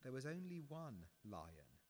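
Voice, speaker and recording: A man voicing a great lion who speaks from the darkness in a large, deep, calm and solemn voice. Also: a little slow. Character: vast gentle lion speaking from the dark. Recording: long reverberant hall.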